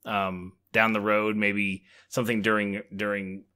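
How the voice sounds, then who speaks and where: Male co-host, low voice with a bright edge, relaxed plot recap with ums. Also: a little slow. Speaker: podcast co-host. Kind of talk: casual chat.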